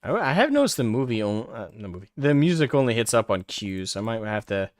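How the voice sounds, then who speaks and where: A man's voice: mid-range voice, big pitch swings, fairly quick, dry recording. A man giving casual, rambling commentary while livestreaming a game, full of fillers and the odd curse. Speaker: game streamer.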